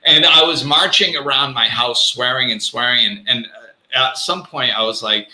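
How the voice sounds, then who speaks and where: Man, show host, casual animated talk, very bright tone, echoey room. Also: medium pitch, normal speed. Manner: animated, self-mocking, acts out quotes. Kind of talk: casual live show conversation.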